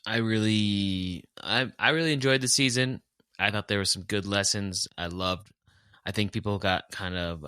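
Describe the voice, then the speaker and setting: Bright, clear-voiced male podcast host. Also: low voice, no room sound, clean studio sound. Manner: enthusiastic, rambling. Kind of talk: casual podcast chat.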